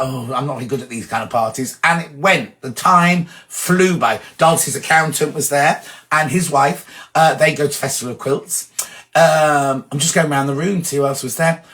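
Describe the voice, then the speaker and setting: Hosting a casual live stream, a gossipy man reads out messages from viewers and drifts into rambling stories. His pitch sits a bit above the typical male range, and hay fever has him sneezing.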